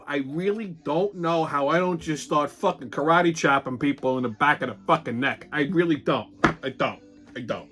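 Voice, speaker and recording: A man hosting a comic, profane ranting monologue, telling stories in an animated way. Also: on the high side, normal speed, soft background music. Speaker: host.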